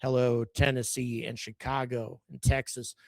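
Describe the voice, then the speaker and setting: A man's voice: medium pitch, little pitch movement, gravelly, darkish tone, no echo. A man hosting a live stream, chatting casually and greeting viewers by where they watch from. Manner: chatty, greets viewers by location in quick lists. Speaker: livestream host.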